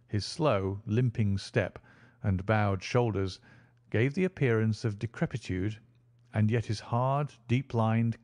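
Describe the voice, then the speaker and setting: A man reading an audiobook in steady, deliberate scripted narration. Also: on the low side.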